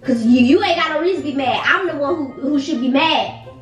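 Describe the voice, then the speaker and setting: A woman's voice: sits high, a little fast, recorded from a distance, lo-fi sound, music in the background. A young woman in a home bedroom, irritated and scolding, repeating herself as she argues in a prank vlog. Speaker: vlogger. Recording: echoey room, off-mic.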